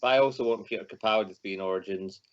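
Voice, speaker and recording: A man's voice: on the low side, rapid-fire. A man from Scotland co-hosting a casual livestream, a giggly storyteller who laughs through his anecdotes. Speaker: co-host. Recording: slightly dull lo-fi stream audio.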